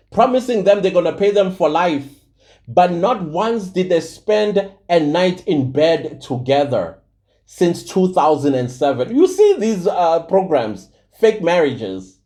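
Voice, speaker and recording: A man's voice: sits high, dark tone. A South African man hosting his own channel, giving heated, preachy commentary to camera and repeating points for emphasis. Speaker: channel host.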